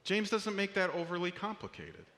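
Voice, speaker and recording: A man's voice: high-pitched, huge pitch swings, moderate pace, sharp tone, long reverb tail. A man preaching a sermon as a pastor, in an earnest, conversational way with small restarts, in a church auditorium.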